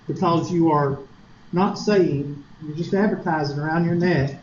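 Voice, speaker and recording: An unhurried, slightly mellow man with an Upstate South Carolina Southern accent teaches a college math class, wandering off topic, joking, and asking rhetorical questions. His pitch runs a little high for a man, and the lo-fi classroom recording is dull with a faint hiss.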